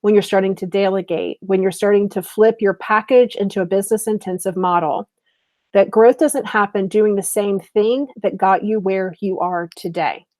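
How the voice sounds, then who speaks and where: A middle-aged woman coaching online business owners, pitching her program in a lively, chatty way. She talks straight to her viewers as if they were friends, at a middle pitch. Her webinar delivery is upbeat and direct. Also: moderate pace, dry recording.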